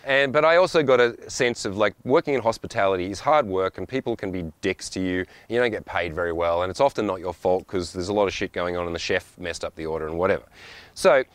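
A man's voice: sits low, quick pace, no echo. A man talking in a blunt, profane, rambling monologue with frequent asides. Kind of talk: casual monologue.

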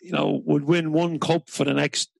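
A man's voice: fairly high pitch, little pitch movement, normal speed, creaky, dry recording, low-quality recording. A man talking football with a guest in a casual interview, reflective and drawn out.

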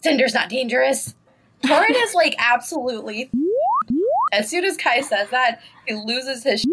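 A woman hosting a casual book podcast, animated and laughing often as she recaps chapters. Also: sits high, moderate pace, very noisy. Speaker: podcast host.

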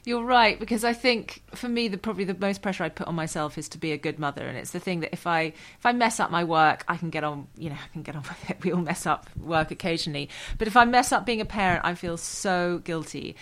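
A woman's voice: on the low side, lively intonation, fast, few pauses, a bit bright. A woman hosting a podcast interview, candid and chatty, often laughing at herself. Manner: candid and chatty, self-deprecating. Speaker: podcast host. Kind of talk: conversational interview.

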